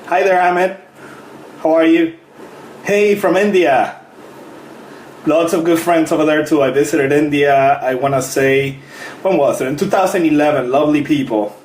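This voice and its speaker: A man's voice: on the high side, normal speed, long pauses, a little mellow. A man, a fitness coach, chatting casually on a live stream, greeting viewers by name and laughing often. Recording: roomy echo with faint noise.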